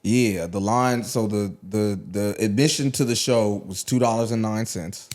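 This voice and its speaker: A man in his thirties from Atlanta, a rapper guest telling stories in a relaxed podcast chat, full of "like" and "you know what I'm saying". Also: fairly low pitch, moderate pace. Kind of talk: casual podcast conversation.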